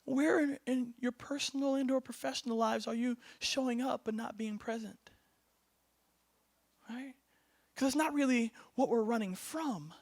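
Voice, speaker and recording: A young man with a strikingly high voice gives a motivational keynote on stage. He is energetic and playful, laughing often and throwing "right?" back to the crowd. His sound is close and dry, with almost no room around it. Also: normal speed, vocal fry, dry recording. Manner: laughs often, acts out bits. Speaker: keynote speaker. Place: event stage before a live audience.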